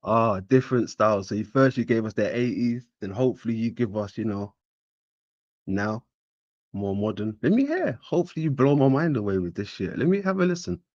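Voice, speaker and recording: Animated man exclaiming in reaction. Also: fairly low pitch, a little fast, no room sound, muffled recording. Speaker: show co-host reacting. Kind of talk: casual reaction chat.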